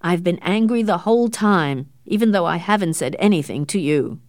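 A woman reading an audiobook, voicing a stern, cold older father, a doctor, who speaks in a quiet, controlled, hard way. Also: lowish voice, expressive, normal speed, dry recording, clean studio sound.

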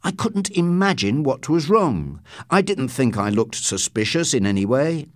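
Man narrating with a lively, dry voice. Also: medium pitch, unhurried, dry recording. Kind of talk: scripted audiobook narration.

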